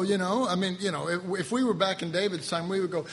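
A man's voice: sits high, lively intonation, quick pace, hardly any pauses. A man preaching a sermon, emphatic and repetitive, with laughing asides to his congregation. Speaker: pastor. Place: church sanctuary. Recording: long hall reverb, faint room noise.

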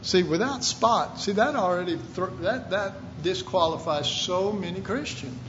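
Emphatic male preacher, high voice, slow delivery, reads scripture, muffled lo-fi sound with faint hiss. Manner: emphatic, rising to shouted questions; reads scripture aloud in King James wording. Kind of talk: sermon.

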